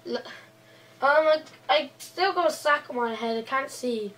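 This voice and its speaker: Distant-sounding woman, slow hesitant chat. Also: high voice, a bit bright, slight background noise. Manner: hesitant, restarts often, playful groaning. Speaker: host and role-player. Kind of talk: casual game role-play.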